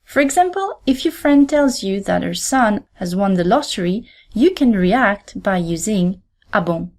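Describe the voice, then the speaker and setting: Clear, deliberate woman teaching. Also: mid-range voice, animated, darkish tone. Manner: clear, deliberate, repeats example phrases slowly. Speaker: podcast host and French teacher. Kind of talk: scripted language lesson.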